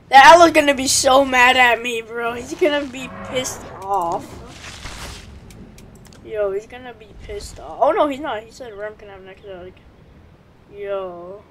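A woman giving casual gameplay commentary as a gaming channel host, excitable and slangy, shouting and laughing as the action unfolds. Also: a little high, a little hiss or hum. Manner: slangy, calls others bro.

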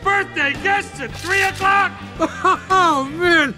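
A man voicing cartoon cars and trucks in animated film clips, excited and shouty. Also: very high-pitched, slow pace, music in the background. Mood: excitable.

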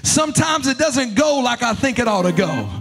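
A man preaching a sermon to his congregation, with animated preaching that shouts and chants its refrains. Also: very high voice, normal speed, creaky, soft background music. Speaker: pastor. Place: church sanctuary.

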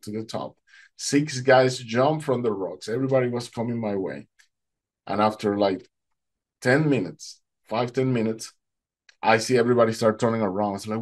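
A man giving a personal faith testimony, telling his story in an animated way and acting out what people said. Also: fairly low pitch. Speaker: testimony speaker.

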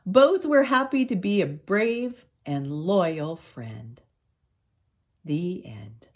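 An older woman reading a children's storybook aloud in an expressive, unhurried way. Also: on the low side. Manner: expressive, slow read-aloud.

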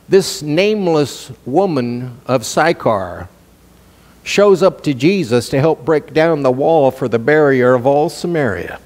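High-voiced animated male preacher. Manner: animated preaching, sweeping pitch swings. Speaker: pastor. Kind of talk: sermon. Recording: long reverb in a church hall.

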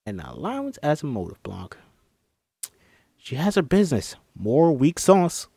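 A man's voice: a little high, huge pitch swings, unhurried, creaky, dark tone, slightly rough, dry recording, clean studio sound, voice pushed up, heavily acted. A man voicing a skeptical male police officer in a screenplay table read.

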